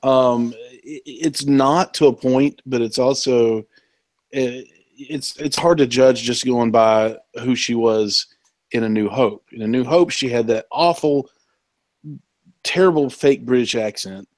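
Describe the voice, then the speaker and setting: A man's voice: mid-range voice, unhurried, a little mellow, dry recording. A male co-host with a mid-range voice, recorded close and dry. He feels his way through each point with restarts and short laughs. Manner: hesitant, lots of restarts and laughing asides. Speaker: podcast co-host. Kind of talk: casual podcast discussion.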